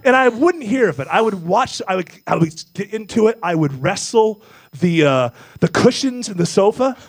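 A man, hosting a talk show and telling animated, self-mocking stories. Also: high-pitched, moderate pace, no echo. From Memphis, US South. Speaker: radio show host. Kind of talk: casual talk show banter.

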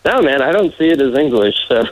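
A man speaking in a measured way as a guest on a casual radio interview, laughing often. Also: mid-range voice, expressive, low-quality recording. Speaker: political candidate guest.

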